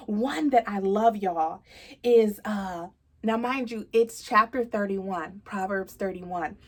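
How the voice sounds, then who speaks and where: A woman's voice: medium pitch, slow, a little mellow. A woman in her thirties hosting a casual devotional talk, earnest and chatty, calling listeners y'all with plenty of fillers. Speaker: host of a faith talk show.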